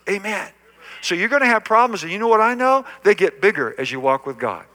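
Forceful older male pastor preaching. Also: sits high, animated, brisk. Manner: emphatic, repetitive preaching with call-and-response. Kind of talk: sermon. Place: church sanctuary.

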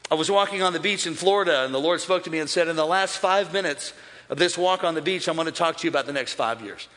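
A man preaching a sermon to a large church crowd, energetic and building to shouts. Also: a little high, quick pace. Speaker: pastor. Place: large church with overflow campuses. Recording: long hall reverb.

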